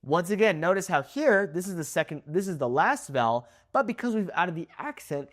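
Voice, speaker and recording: Lively young man teaching pronunciation. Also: fairly high pitch. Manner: lively, drawn-out word demonstrations. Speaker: Spanish teacher. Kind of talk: pronunciation lesson. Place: in Mexico.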